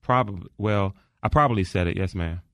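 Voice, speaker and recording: A man's voice: deep voice, a little fast, a bit bright, clean tone, no room sound. A man testifying as a witness under cross-examination, giving short, deferential answers. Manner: terse, deferential "yes, ma'am" answers. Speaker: trial witness. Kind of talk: courtroom testimony.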